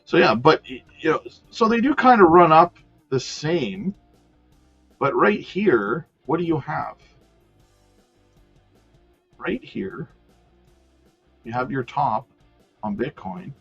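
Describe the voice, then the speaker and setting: A man's voice: a little high, sing-song, takes it slowly, vocal fry, long pauses, a bit bright, husky. A man hosting a crypto livestream in a loose, chatty manner, reading viewer comments and thinking aloud over charts. His level jumps up when he greets viewers and drops to mutters in between. The audio is a little dull and lo-fi, with faint music underneath. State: has the hiccups.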